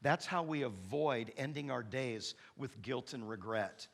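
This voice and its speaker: A man in his fifties preaching a sermon as pastor, an animated storyteller who acts out the dialogue with big comic outbursts. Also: medium pitch, unhurried, creaky. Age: 50s. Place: church sanctuary.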